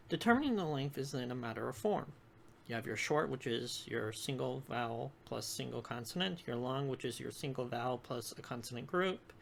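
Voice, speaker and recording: A narrator with a gravelly, fry-edged voice at a middling pitch works through a lesson in a steady, explanatory way. Each example is spelled out carefully, and a faint hiss sits under the voice. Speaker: video lecturer. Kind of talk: scripted educational narration.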